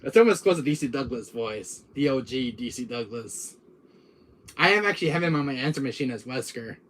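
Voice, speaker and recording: A man's voice: mid-range voice, lively intonation, a little fast, a little hiss or hum. A man, a gaming YouTuber, chatting casually and in a friendly way to a viewer, rambling with many restarts.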